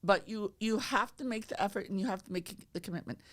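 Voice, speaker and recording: A woman, a real estate agent chatting on a podcast, loud and energetic, acting out both sides of her phone calls. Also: mid-range voice, quick pace. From the Bronx, New York. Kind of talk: casual podcast chat.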